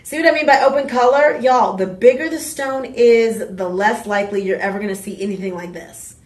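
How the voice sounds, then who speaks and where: A woman hosting a live home shopping show, pitching jewelry in a chatty, exuberant way with playful asides. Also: a little fast. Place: TV shopping studio. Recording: roomy studio sound, mic at a distance.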